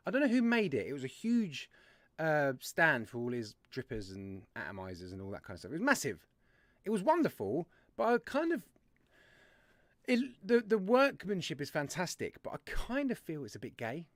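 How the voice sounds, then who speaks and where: Male stream host, bright high voice that swings a lot, chatty and joking, close dry mic. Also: sing-song, normal speed, no room sound. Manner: chatty, jokey, greeting viewers by name. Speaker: livestream host. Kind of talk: casual live-stream chat.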